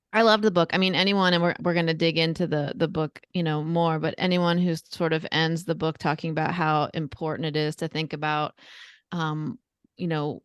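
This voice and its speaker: A woman hosting a podcast speaks in a low, smooth voice. She is heard close and dry, with no room sound. She sounds thoughtful and earnest as she reflects on a book. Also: dry recording. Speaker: podcast co-host. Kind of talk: casual book discussion.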